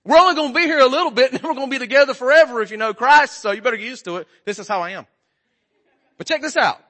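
High, bright preacher in his forties. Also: rapid-fire. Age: 40s. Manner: folksy, joking, talks straight to the congregation. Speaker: guest preacher. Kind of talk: casual sermon.

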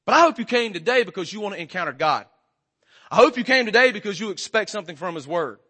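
Guy in his 40s preaching, folksy and jokey, high bright voice. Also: expressive, fast talker, slightly rough. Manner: folksy, joking, talks straight to the congregation. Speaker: guest preacher. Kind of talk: casual sermon.

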